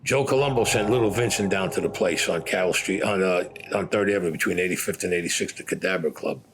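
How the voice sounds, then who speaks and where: A man's voice: low-pitched, fast talker, slight background noise. An older man telling his own story bluntly, swearing freely and acting out what others said. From Brooklyn, New York. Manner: blunt, profane, acts out other people's lines. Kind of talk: first-person storytelling.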